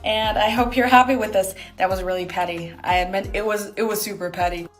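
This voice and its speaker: Woman, vlog rant, sarcastic and indignant, animated storyteller. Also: mid-range voice, a little fast, faint music behind.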